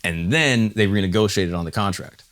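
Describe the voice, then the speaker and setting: Fast-talking deep-voiced man telling a story. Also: a little hiss or hum. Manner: animated retelling, acts out quotes, swears casually. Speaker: podcast co-host. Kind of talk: casual storytelling chat.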